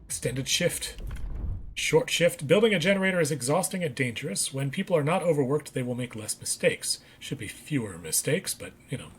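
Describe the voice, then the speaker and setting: A man's voice: fairly high pitch, lively intonation, moderate pace, a little hiss or hum. Man reading game text aloud. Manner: reads on-screen text aloud, corrects himself. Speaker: let's play gamer. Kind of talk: casual gameplay commentary.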